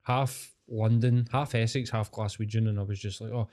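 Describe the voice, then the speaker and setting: A man's voice: lowish voice, steady tone, moderate pace, darkish tone. A man with a Scottish accent chatting casually and swearing freely, telling long rambling stories. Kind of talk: casual chat.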